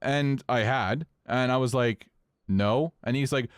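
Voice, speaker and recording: A man co-hosting a podcast, telling a story in casual chat, animated and swearing freely. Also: measured pace, smooth, dry recording, studio quality. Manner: animated, swings pitch up when incredulous, swears casually. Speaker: podcast co-host.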